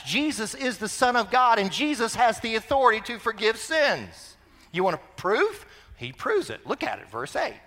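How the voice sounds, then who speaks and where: A man preaching with a high, bright voice that swings widely in pitch, throwing rhetorical questions at his listeners. The sermon rings out with a long reverb, as if in a large hall. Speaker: pastor.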